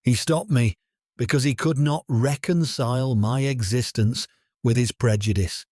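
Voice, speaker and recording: Calm, stern old judge, slow and mellow, measured and cutting, as a male narrator puts him on. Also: mid-range voice, dry recording, studio quality, lightly acted. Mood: resolute.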